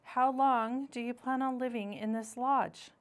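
A woman voicing a grumpy, stubborn male beaver who talks in a gruff, curt way. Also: on the high side, steady tone, a little slow, voice pushed up, close to an everyday voice.

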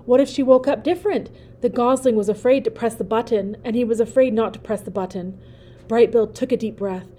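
A woman reading a children's novel aloud, narrating in a gentle, expressive way. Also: on the high side, a little fast.

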